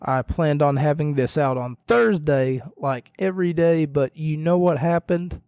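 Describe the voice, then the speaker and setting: A man hosting a solo wrestling podcast, rambling and correcting himself with jokes, his voice a little hoarse. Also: fairly high pitch, measured pace, darkish tone, dry recording. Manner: rambling, self-correcting, jokey. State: slightly hoarse, losing his voice. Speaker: podcast host.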